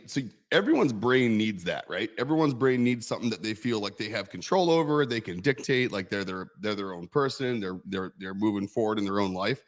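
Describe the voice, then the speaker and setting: A man co-hosting a livestream, talking casually and often restarting his words. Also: fairly low pitch. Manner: halting, repeats words when thinking aloud. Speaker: co-host. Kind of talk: livestream chat.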